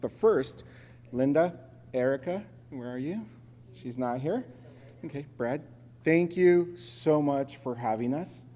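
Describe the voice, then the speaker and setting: A man from Los Angeles presenting at a conference, telling a joking story in an animated way. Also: medium pitch, takes it slowly. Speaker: sponsor presenter. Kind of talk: conference talk with anecdote. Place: conference hall. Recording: reverberant conference hall.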